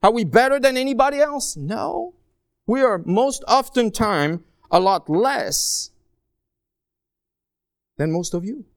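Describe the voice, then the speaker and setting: Man, high voice, dry close sound, animated sermon, self-mocking jokes. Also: slow pace, creaky, pauses often, dry recording. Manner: animated, swings between low asides and high emphatic cries; joking, self-deprecating asides. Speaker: guest preacher.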